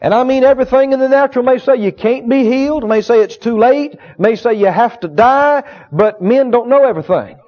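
A man's voice: very high voice, brisk, hardly any pauses. A man preaching a sermon on faith and healing, repeating key phrases with emphasis and asking the congregation for agreement. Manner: emphatic, repetitive, call-and-response with the congregation. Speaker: healing school teacher and preacher. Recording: dull lo-fi sound.

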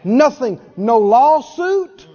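A man's voice: very high-pitched, sing-song, slow pace, mellow, big-room sound, highs cut off, a faint crowd. A man preaching a sermon, emphatic, repeating words for effect and laughing between points.

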